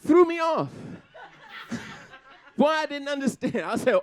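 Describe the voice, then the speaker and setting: A man doing live stand-up comedy on a stage before an audience, talking in an animated way, laughing between jokes and slipping into funny put-on voices. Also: very high voice, takes it slowly.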